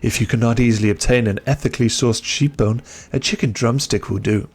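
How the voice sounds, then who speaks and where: A man's voice: medium pitch, brisk, husky, natural voice. A man reading as an earnest hippie woman customer. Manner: reads a customer email aloud in a put-on hippie voice.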